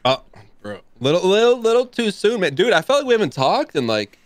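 Laid-back dad gamer with a smooth voice. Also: male voice, high voice, very animated, fairly quick, dry recording. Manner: laid-back, self-deprecating, says dude and man. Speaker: show co-host. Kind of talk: casual stream chat.

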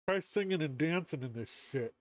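Talking through a costume mask that leaves him stuffy and muffled, a man with a slightly high voice keeps up casual game-stream banter, joking, laughing a lot and cursing without restraint. The recording is dry, dull and muffled lo-fi.

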